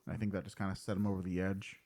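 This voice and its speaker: A man playing his character at a tabletop game, earnest and plainspoken with halting pauses. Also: deep voice, level tone, darkish tone. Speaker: player.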